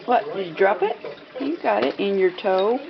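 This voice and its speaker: A woman's voice: mid-range voice, lively intonation, normal speed, vocal fry, heavy background noise. An older woman talking to her pet bird in sing-song, repetitive baby talk, cooing and coaxing it, in a home with running water behind. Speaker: pet owner. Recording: muffled lo-fi home video, loud running water.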